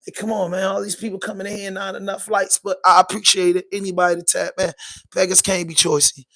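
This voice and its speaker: A man's voice: high voice, level tone, fast talker, pushed and bright, no echo. A man with a Baltimore accent hosting a podcast livestream from his basement, ranting casually, cussing and begging viewers for likes. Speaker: podcast host.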